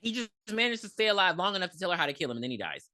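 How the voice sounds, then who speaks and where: A woman's voice: on the low side, big pitch swings, rapid-fire, bright, forceful tone, dry recording, studio quality. A woman co-hosting a podcast, animatedly retelling a movie in casual, profane chat. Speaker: podcast co-host.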